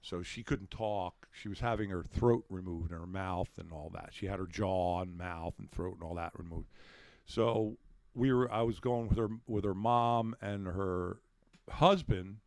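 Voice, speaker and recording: On a podcast, a middle-aged man relaxes into a story, cursing liberally and voicing the shouts and lines of its characters. His voice sits low, his pace is a little slow, and there's no echo.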